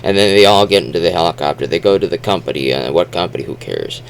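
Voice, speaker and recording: A man's voice: low voice, fast, gravelly, a little hiss or hum. A man casually recapping a movie, rambling with sarcastic asides and self-deprecating remarks.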